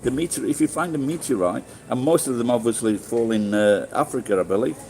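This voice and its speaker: A man's voice: medium pitch, a little fast, gravelly, mellow, a little hiss or hum, rough recording. A middle-aged man with a Sheffield accent, live-streaming and chatting casually with viewers in a rambling, swearing way with many restarts. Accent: Sheffield English. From England.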